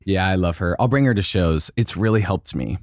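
A man's voice: deep voice, brisk, dry recording, studio quality. A young man co-hosting a podcast in casual, campy comedic chat, slipping into playful put-on quotes. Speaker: podcast co-host.

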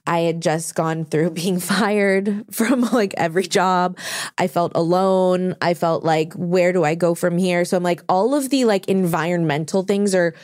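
A woman in her thirties hosting a podcast, talking candidly in casual chat, swearing and speaking in quick bursts. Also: lowish voice, a little mellow, dry recording, clean studio sound. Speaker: podcast host.

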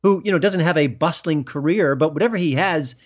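A man being interviewed as a film critic, talking emphatically and rising in pitch when indignant. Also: fairly quick. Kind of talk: political interview. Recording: dull lo-fi sound.

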